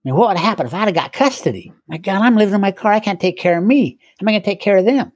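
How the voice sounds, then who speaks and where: A man's voice: sits high, expressive, very fast, dry recording. Older man telling a wry story. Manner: wry, self-mocking humor with frequent chuckles. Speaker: guest sharing recovery story. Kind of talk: conversational storytelling.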